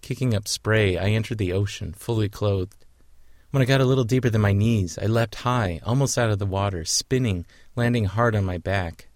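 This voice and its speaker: Low-voiced man narrating somberly. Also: moderate pace, dry recording. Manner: quiet, somber, reflective. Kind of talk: personal documentary narration.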